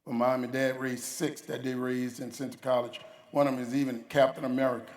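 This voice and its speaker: A man's voice: medium pitch, level tone, brisk, darkish tone, distant mic. Folksy storytelling man in an echoey hall. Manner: folksy storytelling, acts out dialogue, emphatic. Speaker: keynote speaker. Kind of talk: motivational keynote speech. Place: large conference hall. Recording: roomy hall, voice from off-mic.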